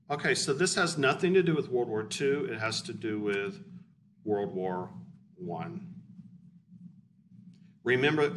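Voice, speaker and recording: A man teaching history in a loose, blunt way, as if chatting with students. His voice sits at a middle pitch and is picked up from a distance, with a faint hiss underneath. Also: fairly bright tone. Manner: blunt, conversational, explanatory. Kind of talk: casual classroom lecture.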